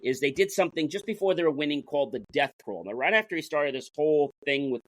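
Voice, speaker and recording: A man's voice: a little high, lively intonation, quick pace, fairly bright tone, no room sound. A man, the guest in an interview, who talks energetically, retells stories by acting out the dialogue, and often restarts his sentences. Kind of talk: casual interview storytelling.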